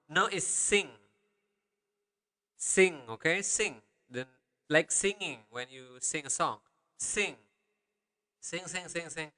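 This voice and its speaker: Balinese man as a patient language teacher, slightly high voice, forceful tone, long reverb on the track. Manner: patient, repeats words slowly for learners. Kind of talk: spoken language lesson.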